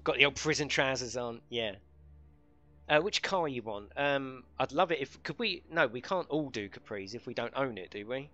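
A man's voice: mid-range voice, lively intonation, moderate pace, pushed and bright, no echo, highs cut off. A man streaming a racing game live, chatting casually with viewers and friends, swearing lightly and laughing often.

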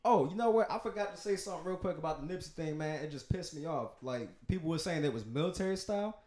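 Fast-talking laid-back male podcast host. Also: fairly high pitch, animated, a little mellow, roomy sound. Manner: laid-back, slangy, laughs often, gets worked up. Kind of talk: casual chat.

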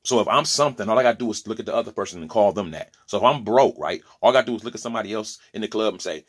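A man in his forties rants into the camera in a husky, somewhat low voice. He speaks with preachy conviction, trips over repeated words and pushes through his points with rising heat. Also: expressive, very fast, few pauses. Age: 40s. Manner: impassioned, stumbling restarts, preachy asides. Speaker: opinion vlogger. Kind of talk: opinion monologue.

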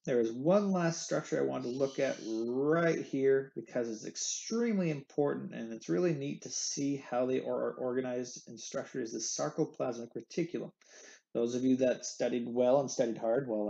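A man's voice: mid-range voice, gravelly, warm tone, muffled recording. A man teaching an anatomy lecture in a playful way, repeating the key terms. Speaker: anatomy instructor. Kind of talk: recorded lecture.

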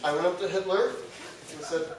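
A young male college comedian telling an absurd story in a deadpan way to a live audience, sometimes laughing at his own jokes. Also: sits high, a little fast, recorded from a distance. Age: young adult. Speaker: student comedian. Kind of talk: stand-up comedy. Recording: echoey room, mic from afar, audience noise.

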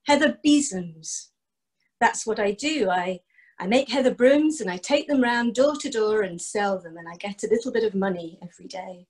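A woman voicing a calm travelling man who sells heather brooms, explaining patiently. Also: mid-range voice, normal speed, close to an everyday voice. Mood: easygoing. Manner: matter-of-fact, patient explaining. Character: travelling male broom-seller, calm and easygoing.

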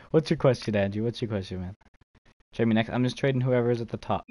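A man's voice: mid-range voice, animated, fairly quick, darkish tone, no room sound. A young man streaming a game, chatting casually with viewers, laughing and swearing easily. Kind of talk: casual live-stream chat while trading.

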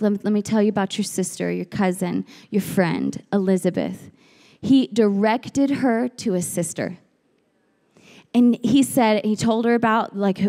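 A woman preaching a sermon in a church, lively and animated, often breaking into shouts and acted-out quotes. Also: medium pitch. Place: church sanctuary. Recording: long hall reverb.

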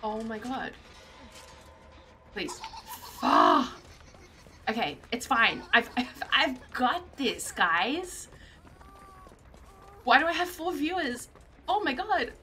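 Excitable young woman streamer. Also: high-pitched, takes it slowly, long pauses, slight background noise. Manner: excitable, panicky, often shrieking and laughing. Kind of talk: live gameplay commentary.

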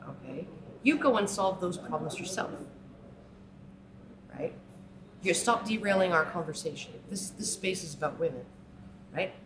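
A woman's voice: low-pitched, noisy background. A woman giving an impassioned talk, often ending points with "right?" and mocking the people she quotes. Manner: frequent "right?" tags, mocking put-on quotes. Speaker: speaker. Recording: echoey room with crowd.

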